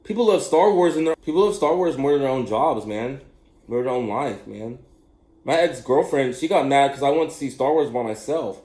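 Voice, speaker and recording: Fast-talking animated man in an echoey room. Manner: animated, laughs often, mimics high questioning voices. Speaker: speaker telling a personal story. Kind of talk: casual rambling monologue.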